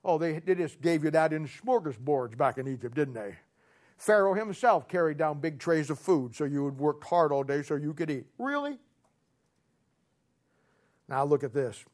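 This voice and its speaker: A man preaching a sermon as pastor, emphatic and sarcastic, rising to loud outbursts. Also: a little high, moderate pace.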